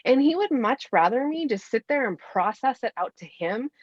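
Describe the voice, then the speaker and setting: A woman's voice: a little high, animated, normal speed, dry recording, dull audio. Earnest woman coaching mothers. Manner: earnest, encouraging, talks straight to listeners. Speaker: podcast guest, anger coach for mothers. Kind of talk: casual podcast interview.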